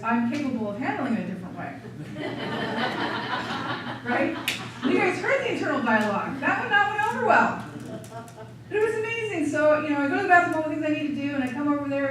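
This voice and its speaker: A woman's voice: on the high side, noisy background. Chatty woman seminar leader, echoey distant mic. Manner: chatty, animated storyteller who acts out her inner thoughts. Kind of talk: teaching through a personal story.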